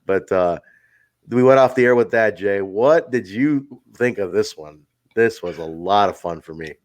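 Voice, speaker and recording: Swearing, excitable wrestling podcast guy. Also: fairly low pitch, unhurried. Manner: excitable, swears freely, acts out quotes. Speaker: podcast co-host. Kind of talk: casual wrestling review chat.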